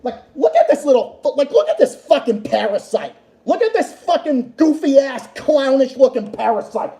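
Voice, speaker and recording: A man rants into his livestream, cursing constantly and hammering the same points over and over. His voice is dark and mellow even at full fury, and it rings in an echoey room. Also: very high-pitched, normal speed. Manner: profane, furious, repetitive. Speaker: livestream host. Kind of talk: angry political rant.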